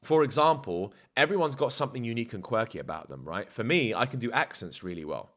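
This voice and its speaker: A man's voice: medium pitch, animated, fast, a bit bright. A man talking as a dating coach in a casual vlog, blunt, slangy and self-assured.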